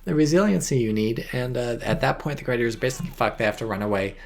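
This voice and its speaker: A tipsy man doing casual, rambling game commentary as a shoutcaster, swearing freely and making self-mocking asides. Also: medium pitch, fast, creaky, slight background noise. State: tipsy from wine.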